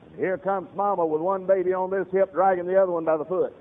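A man's voice: high-pitched, steady tone, quick pace, big-room sound. A man preaching a fiery sermon, telling stories and addressing his congregation directly. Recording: tinny radio broadcast.

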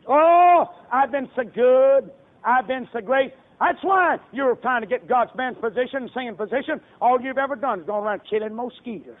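A man preaching a sermon in a folksy way, acting out the voices of people in his stories. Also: very high-pitched. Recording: tinny phone-like radio broadcast.

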